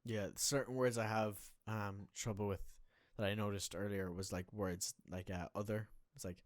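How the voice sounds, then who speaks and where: A man's voice: fairly low pitch, fairly even intonation, moderate pace, dry recording. Rambling young Irish man, dry close sound. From Ireland. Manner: rambling, many restarts and fillers. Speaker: podcast co-host. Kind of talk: casual chat.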